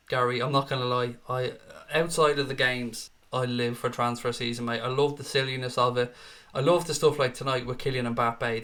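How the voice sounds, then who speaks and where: Bright and forceful in tone, with a medium pitch, a young man from Ireland hosts a casual chat stream. He reads viewers' messages aloud and answers them bluntly, swearing often.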